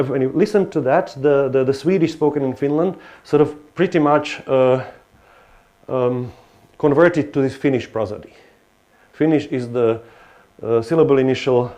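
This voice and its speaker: A man's voice: medium pitch, mellow. Hesitant male lecturer. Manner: hesitant, many restarts and fillers. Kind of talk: academic lecture.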